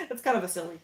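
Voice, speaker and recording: Giggly woman in an echoey basement. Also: fairly low pitch. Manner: giggly, upbeat. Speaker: livestream host. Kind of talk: casual unboxing chat. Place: home basement. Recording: echoey room.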